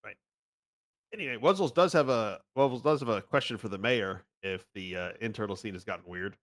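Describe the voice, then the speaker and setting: A man player in a tabletop role-playing game who makes quick, joking remarks. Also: lowish voice, fairly bright tone. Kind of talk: casual tabletop chat.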